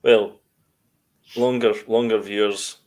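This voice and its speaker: A man's voice: on the low side, steady tone, takes it slowly, darkish tone. A man co-hosting a podcast, chatting casually and rambling with restarts. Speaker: podcast co-host. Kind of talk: casual chat.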